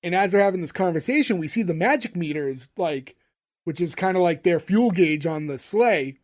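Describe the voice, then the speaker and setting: A man's voice: high-pitched, animated, fairly quick, darkish tone. A young man co-hosting a podcast, rambling through an episode recap with lots of fillers. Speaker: podcast co-host. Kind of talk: casual recap chat.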